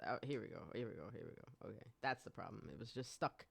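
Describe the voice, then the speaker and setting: A podcast host in their forties, chatting excitably on a live stream, rambling, laughing often and swearing freely. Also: mid-range voice, quick pace, gravelly, slightly rough, no echo.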